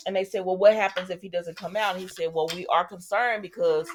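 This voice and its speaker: A woman's voice: lowish voice, steady tone, fairly quick, crowd noise. A woman hosting a casual soap opera recap, chatty and sassy, talking back to the characters.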